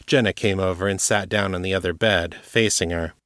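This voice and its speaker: A man with a low voice narrates a fantasy story in a steady, measured reading. The recording is dry and close, with no room sound. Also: no room sound. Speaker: audiobook narrator.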